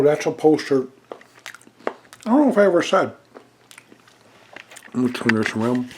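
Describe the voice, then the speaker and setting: In a home vlog, a movie review vlogger chats casually, rambling, correcting himself, and sometimes talking while eating. His voice is a little high and a little mellow.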